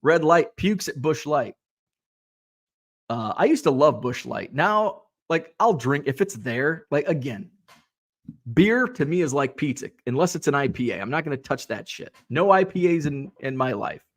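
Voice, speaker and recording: A man chats casually through a hobby livestream, his voice sitting a little high. He rambles, drops fillers and reads viewers' comments aloud as they come in. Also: big pitch swings, normal speed. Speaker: livestream host reading chat.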